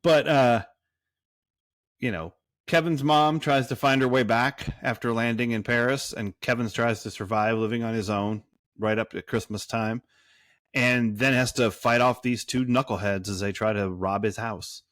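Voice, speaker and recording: A man's voice: medium pitch, steady tone, moderate pace, fairly bright tone, no room sound, clean studio sound. A man co-hosting a movie podcast in casual chat, rambling and cursing, full of fillers and restarts. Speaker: podcast co-host.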